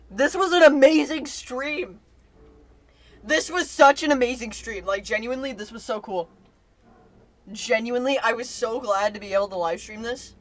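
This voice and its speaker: A woman streamer reacting live, excitable, casual and swearing freely as she shouts and laughs. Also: on the high side.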